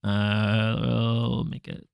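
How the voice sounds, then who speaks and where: A man working through a language lesson out loud, halting, correcting himself and making wry asides. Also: lowish voice, little pitch movement, creaky, clear, resonant tone, no room sound, clean studio sound. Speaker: language learner vlogger. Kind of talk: thinking-aloud study session.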